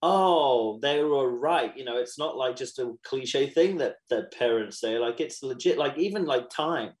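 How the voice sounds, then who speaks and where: A man in his thirties, a podcast guest, chatting casually and telling animated stories with quoted asides. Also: mid-range voice, normal speed, rough recording. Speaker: podcast guest, musician and actor. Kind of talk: casual chat.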